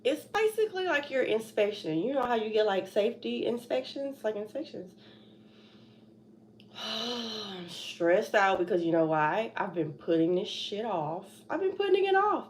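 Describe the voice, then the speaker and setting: A woman's voice: medium pitch, expressive, measured pace. Young woman, nervous rambling livestream chat, sighs and jittery laughs, phone mic at home, faint background hiss. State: anxious. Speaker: trucking vlogger.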